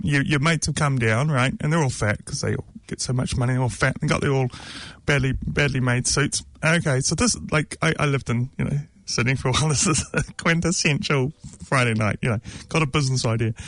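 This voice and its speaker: Speaking a little fast in a mid-range, slightly bright voice, this New Zealander offers casual opinions in a dry recording. His talk is rambling and jokey, full of ums, fillers and mocking asides.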